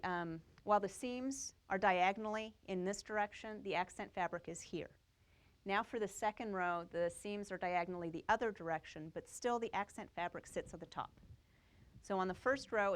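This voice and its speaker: A woman's voice: mid-range voice, normal speed. Quilting teacher woman explaining to a class. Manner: explains step by step, checks in with the class. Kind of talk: live classroom demonstration.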